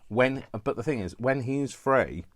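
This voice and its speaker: A man's voice: medium pitch, lively intonation, measured pace, no room sound. A man with a Coventry accent chatting casually while crafting, rambling into self-mocking asides. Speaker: craft vlogger.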